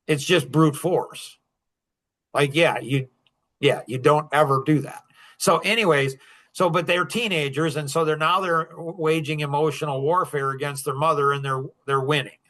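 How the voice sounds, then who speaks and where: A middle-aged man hosts a podcast and tells a personal story to a small circle. His voice is bright and forward and sits a little high. He talks with animated energy and breaks into short chuckles between points. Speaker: podcast host.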